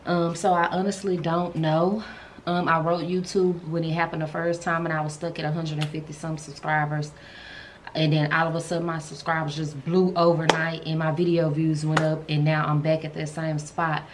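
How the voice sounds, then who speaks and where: A woman's voice: deep voice, level tone, brisk. A woman, chatting casually and emotionally to her viewers at home, calling them y'all and baby. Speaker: vlogger. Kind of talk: casual vlog chat. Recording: noticeable background noise.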